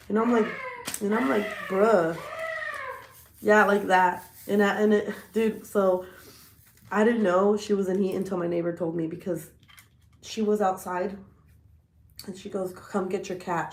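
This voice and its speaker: A woman chats casually on a livestream, telling stories in a profane, animated way. Her voice is lowish with a gravelly edge. The sound is echoey, as if she is in a bare room. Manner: profane, animated storytelling, laughs often. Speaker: livestream host.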